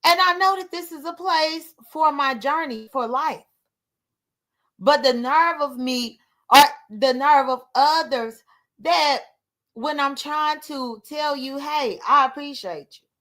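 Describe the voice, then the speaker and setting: A woman's voice: high-pitched, slow pace, fairly bright tone. A woman, talking candidly and emotionally to her livestream viewers in a rambling way. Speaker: livestream host. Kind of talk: casual livestream talk.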